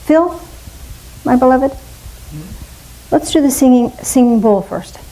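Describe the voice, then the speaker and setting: A middle-aged woman leading a spiritual fellowship, preaching in a chatty, playful way and slipping into soft gushing voices now and then. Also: high voice, animated, slow, rough recording. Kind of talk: casual sermon.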